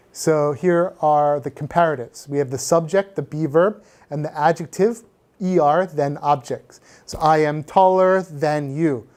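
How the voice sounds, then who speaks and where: A man's voice: a little high, darkish tone. Man teaching grammar with Korean asides. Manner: patient, mixes in Korean explanations; frequent filler sounds. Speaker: English teacher. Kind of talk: grammar review lesson.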